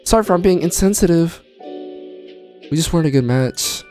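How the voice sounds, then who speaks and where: A man reading out a young male game character's dialogue in a low, flat, deadpan voice. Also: a little slow, soft background music.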